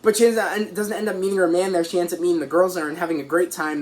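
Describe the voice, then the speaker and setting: A man excitedly recapping a TV episode as a reviewer, rambling and restarting as he goes. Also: sits high, quick pace, hardly any pauses. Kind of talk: casual recap.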